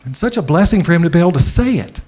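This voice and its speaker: A middle-aged man giving a conference keynote speech. He tells a personal story and often slows down and drops his voice for the emotional moments. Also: on the high side, sing-song, mellow, husky. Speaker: keynote speaker. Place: large conference venue.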